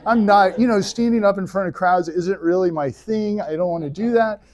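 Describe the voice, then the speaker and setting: A man voicing a reluctant, incredulous man who keeps making excuses in casual modern slang, his voice jumping higher as he protests. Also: normal speed, a little mellow, lightly acted.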